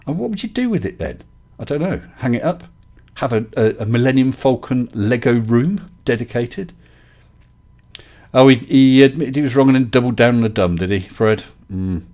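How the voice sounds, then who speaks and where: A man's voice: medium pitch, lively intonation, moderate pace, darkish tone. A middle-aged man, hosting a casual live-stream chat from his home desk, joking and talking to viewers by name. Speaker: livestream host.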